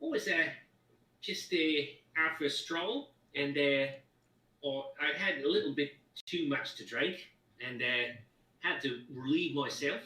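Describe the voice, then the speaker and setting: A man voicing a shifty male halfling prisoner who pleads and protests in a high, whining voice. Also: unhurried, bright, forceful tone. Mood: wheedling. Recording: echoey room, voice far from mic.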